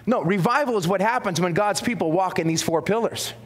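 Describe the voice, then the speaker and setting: A man's voice: sits high, fairly quick. A man preaching a sermon to his congregation in a church, emphatic and folksy, repeating his key phrases for effect. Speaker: pastor. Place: church sanctuary.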